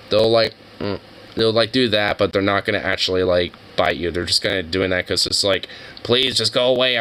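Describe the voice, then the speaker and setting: A man's voice: on the low side, sharp tone, low-quality recording. A young man chatting casually over videos, rambling and swearing, with many fillers. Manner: profane, rambling, full of fillers. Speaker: streamer reacting to videos. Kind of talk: casual chat.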